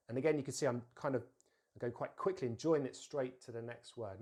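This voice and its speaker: Man teaching pronunciation, deliberate and clear. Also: mid-range voice, a little mellow. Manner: slow, deliberate modelling of words with drills to repeat; explains plainly with frequent fillers and restarts. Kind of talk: pronunciation lesson.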